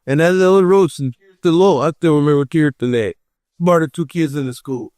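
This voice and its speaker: Animated man telling stories, fairly high voice. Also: brisk, no echo, clean studio sound. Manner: animated storyteller, acts out quoted voices. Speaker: podcast panelist. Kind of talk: casual roundtable chat, storytelling.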